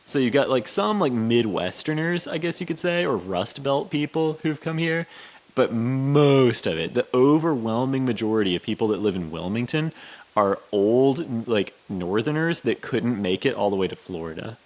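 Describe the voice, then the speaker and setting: A man's voice: mid-range voice, moderate pace. Rambling man with a North Carolina accent. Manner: rambling and animated, with many fillers. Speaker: co-host. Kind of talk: casual chat.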